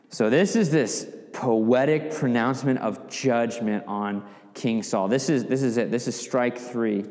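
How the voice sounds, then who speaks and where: A man's voice: mid-range voice, a little slow, a little mellow. A man giving a Bible teaching in a casual, conversational way, often checking in with "right?" as he goes. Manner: conversational, with frequent "right?" asides and restarts. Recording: long reverb, as in a hall.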